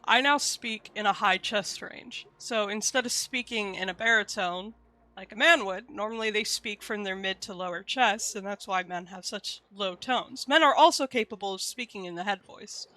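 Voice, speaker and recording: A woman's voice: mid-range voice, pushed and bright. A young woman streaming live, chatting candidly with viewers and swearing casually as she explains things.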